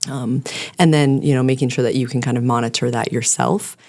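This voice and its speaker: A woman with a bass voice speaks in a steady, darkish tone at a fairly quick pace. A clinical social worker appearing as a guest on a casual podcast, she explains things at length, earnestly and sometimes in a rambling way.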